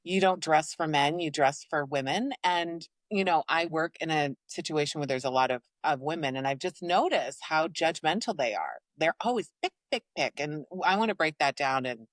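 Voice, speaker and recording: A middle-aged woman from Canada co-hosting a podcast, chatting casually and lively with big swings into mimicked voices. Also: sits low, moderate pace, few pauses, no echo. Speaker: podcast co-host. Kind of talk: casual chat.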